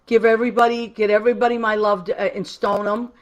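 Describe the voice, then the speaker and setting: A woman's voice: medium pitch, flat delivery, fast talker. Effusive, affectionate woman hosting a show. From Massachusetts. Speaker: host. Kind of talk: live-streamed call-in show.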